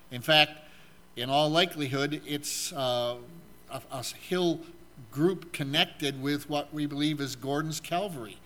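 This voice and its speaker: With a fairly bright voice on the high side, a man preaches a sermon and reads scripture aloud. He asks the congregation questions, and his delivery halts with frequent fillers.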